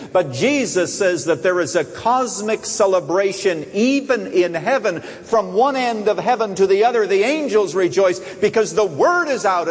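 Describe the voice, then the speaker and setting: A man preaching a sermon with animated delivery, swinging from soaring emphasis to hushed, low asides. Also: slightly rough. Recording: long echo of a large hall.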